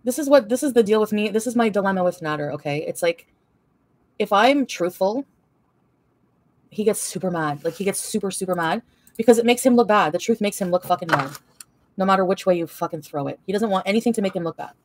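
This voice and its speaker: A woman's voice: mid-range voice, animated, fairly quick, darkish tone, dry recording. A young woman livestreaming an angry, profane, rambling rant full of fillers.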